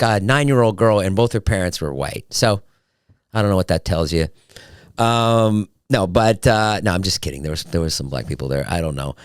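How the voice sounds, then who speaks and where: Podcaster, man in his 40s, lowish voice that swings wide, jokey and animated, dry close mic. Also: no room sound. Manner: animated, jokey, swings into high excited pitch. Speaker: podcast host. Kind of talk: casual solo podcast monologue.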